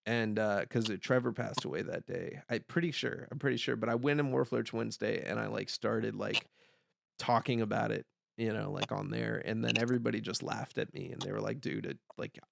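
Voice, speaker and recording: A young man hosting a podcast, telling a story in casual chat, animated and swearing, loudly yelling the lines he quotes. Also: lowish voice, fairly quick, gravelly, no room sound. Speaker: podcast host.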